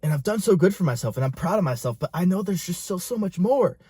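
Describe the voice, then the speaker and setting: A man's voice: sits high, lively intonation, quick pace, warm tone, breathy edge, no room sound, clean studio sound. A young man, a fitness and business coach, talking straight to camera in an intense, profane, pushy motivational style.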